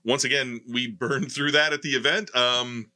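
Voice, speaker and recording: A man hosting a podcast who talks casually and with energy, running through quick plugs and questions. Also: mid-range voice, steady tone, sharp tone. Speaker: podcast host.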